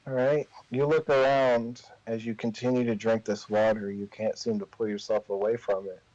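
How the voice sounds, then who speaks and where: A man narrating a tabletop game as game master, telling the story in a slow, drawn-out way. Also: fairly low pitch, flat delivery, darkish tone, no echo. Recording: dull lo-fi recording.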